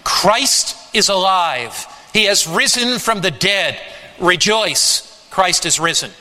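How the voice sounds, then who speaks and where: A man preaching a sermon, slow and emphatic, with dramatic rises and drops in his voice. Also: sits high, lively intonation, pushed and bright, long reverb tail, poor audio.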